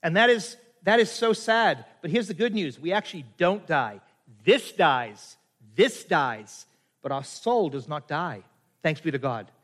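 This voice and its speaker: A man's voice: fairly high pitch, animated, normal speed, a bit bright. A middle-aged man from Canada preaching a sermon, quoting scripture and asking his listeners rhetorical questions. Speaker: pastor.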